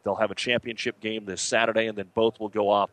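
A man hosting sports radio, reading scores and news in a steady, matter-of-fact way with fillers. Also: fairly low pitch, fast talker, no echo.

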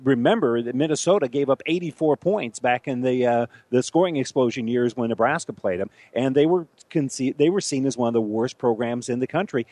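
A man co-hosting a sports radio show, chatting in a lively way with frequent restarts. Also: mid-range voice, no room sound. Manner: animated, halting, many restarts. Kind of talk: casual sports talk.

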